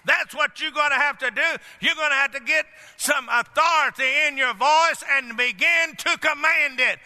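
Man, pastor, emphatic sermon, high voice, long hall reverb. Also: moderate pace, bright, forceful tone. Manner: emphatic preaching with storytelling asides. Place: church sanctuary.

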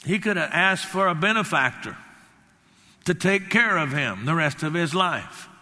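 A man's voice: on the high side, animated, measured pace, pushed and bright, in a large hall. An older man preaching a sermon, speaking emphatically, acting out quotes and wandering into personal stories. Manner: emphatic, acts out quotes, rambling anecdotes.

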